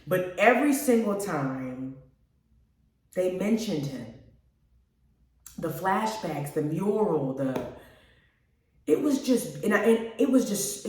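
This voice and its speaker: A woman hosting a radio show, chatting casually and gushing to her listeners about a movie. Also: medium pitch. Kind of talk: casual movie review chat. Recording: very echoey room, mic at a distance.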